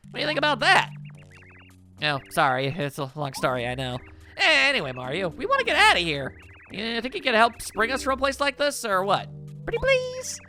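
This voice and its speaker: A man voicing a spunky, quick-tempered young female bomb creature from a video game, pitching his voice up high. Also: wildly swooping pitch, bright, forceful tone, soft background music, exaggerated voice. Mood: chatty.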